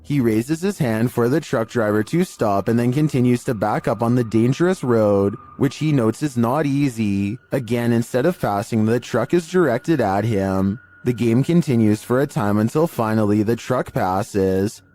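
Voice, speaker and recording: A man giving scripted narration of eerie video clips in a measured, even storytelling delivery. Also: mid-range voice. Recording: faint music bed under voice.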